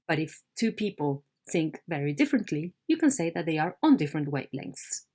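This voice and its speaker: A woman's voice: sits low, big pitch swings, brisk, darkish tone. A woman English teacher in a recorded online lesson, explaining words patiently and checking in with her students.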